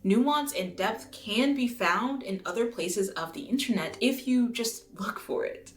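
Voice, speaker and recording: A woman from the United States reading a scripted video essay in an earnest, measured way, now and then swearing for emphasis. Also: mid-range voice, fairly bright tone. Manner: earnest, measured, occasionally profane. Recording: roomy echo with faint music.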